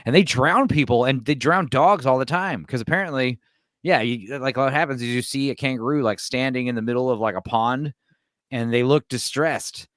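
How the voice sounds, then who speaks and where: A man's voice: medium pitch, moderate pace, fairly bright tone, no echo. A man talking casually as a guest on a film chat show, rambling with plenty of "like" and "you know".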